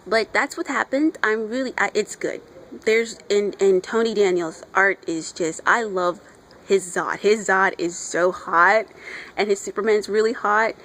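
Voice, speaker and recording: A woman's voice: mid-range voice, unhurried, a bit bright, poor audio. A woman chatting casually outdoors as she reviews a comic, gushing like a fan and putting on voices for the characters.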